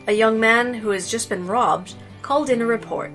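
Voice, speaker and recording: A woman co-hosting a let's play, chatting casually and reading game text aloud in a playful, deadpan way. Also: a little high, moderate pace, soft background music, low-quality recording.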